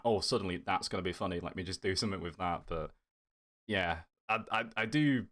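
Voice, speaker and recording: A content creator with a low, fairly bright voice rambles enthusiastically as a guest on a casual podcast, full of fillers and restarts.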